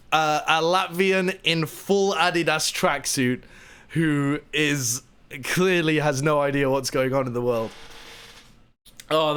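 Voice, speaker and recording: A man streaming live, telling a funny story casually and laughing at it as he goes. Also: a little high. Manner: animated, laughing at his own story.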